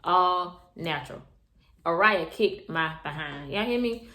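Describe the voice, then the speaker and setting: Chatty young mom, low voice, echoey room. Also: female voice, animated, measured pace, bright, forceful tone. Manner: chatty, repeats herself, addresses viewers as y'all. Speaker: mother telling her birth story. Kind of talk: casual storytelling to camera.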